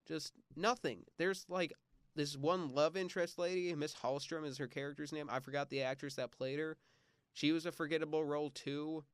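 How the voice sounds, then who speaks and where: A man's voice: on the high side, fairly even intonation, moderate pace, clean tone, no echo, studio quality. A young man hosting his own podcast, casually and bluntly running down a film he dislikes, with plenty of filler words. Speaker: podcast host. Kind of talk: casual movie review.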